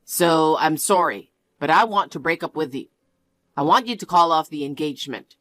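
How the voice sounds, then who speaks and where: A woman voicing a self-serving young man who cheats on his fiancée, speaking in a lower, dismissive storybook voice. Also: animated, normal speed, a bit bright, no echo. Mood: smug.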